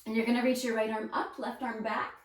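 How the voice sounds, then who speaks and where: A woman's voice: on the high side, flat delivery, fast talker. A woman leading a follow-along ballet arm workout, counting beats and cueing moves in an encouraging, upbeat way. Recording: roomy sound, mic set at a distance.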